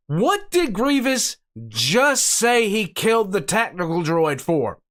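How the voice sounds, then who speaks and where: Excitable older man reacting live. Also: high-pitched, takes it slowly. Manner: excitable, lively interjections. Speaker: host reacting to a story.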